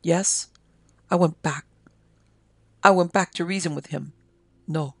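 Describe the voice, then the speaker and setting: A reader voicing a delirious army major who raves and pleads in a feverish confession, with a gravelly edge. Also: mid-range voice, fairly even intonation, slow, no echo. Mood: terrified, pleading. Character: delirious army major, guilt-ridden man.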